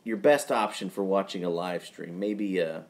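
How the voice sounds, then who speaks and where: A man casually chatting on his own live stream from his home garage at night, relaxed and rambling, with chuckling asides. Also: sits low, moderate pace.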